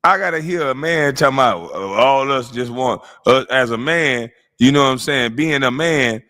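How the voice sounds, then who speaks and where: A man at a middle pitch rants over a clip he is watching. He swears constantly, mocks the person on screen and breaks into laughter, in loose live-stream commentary. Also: normal speed, bright, forceful tone. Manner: mocking, laughing, swears heavily.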